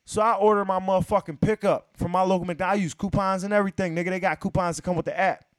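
Profane animated male storyteller, dry sound. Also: high voice, fast, dry recording. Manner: profane, animated, acts out what people said. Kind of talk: casual storytelling.

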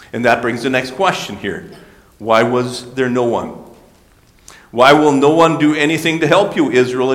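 A man's voice: medium pitch, fairly bright tone. Man, pastor mid-sermon, earnest teaching tone with stumbles, roomy church echo. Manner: earnest, explanatory, with small restarts. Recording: roomy hall with long reverb.

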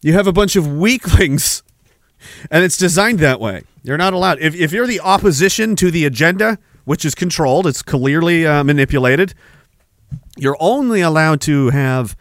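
Male podcast host from Canada, taunting profane rant, slightly high voice, dead-dry sound. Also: lively intonation, normal speed, no room sound. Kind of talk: ranting political commentary.

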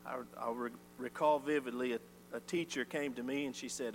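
A man preaching a sermon, swinging from loud emphatic lines to quiet ones. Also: mid-range voice, steady tone, fairly quick. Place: church sanctuary. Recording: reverberant church hall with faint hum.

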